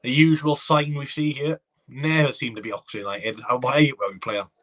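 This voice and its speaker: A man hosting a live reaction watchalong, excitable and chatty, reading viewer comments aloud. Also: medium pitch, a little fast. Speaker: fan watchalong host.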